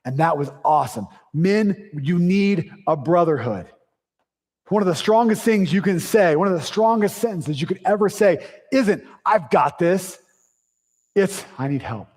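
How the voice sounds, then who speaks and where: A man's voice: sits high, expressive, a little mellow. Preaching man in a reverberant church hall. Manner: conversational, punchy preaching with quick asides and sarcasm. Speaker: pastor. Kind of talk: sermon. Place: church sanctuary.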